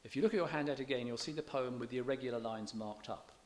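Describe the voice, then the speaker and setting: Lecturing on poetry to the public in a church hall, a man keeps a measured, scholarly tone and slows to recite verse with emphasized beats. His voice is medium-pitched and a little mellow, and he occasionally starts his words over.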